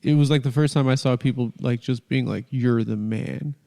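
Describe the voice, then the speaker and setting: Gravelly-voiced man telling a rambling story. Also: mid-range voice, fairly even intonation, normal speed, warm tone, long reverb tail. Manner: rambling, self-interrupting storyteller. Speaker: show host. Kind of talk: casual comedy podcast banter.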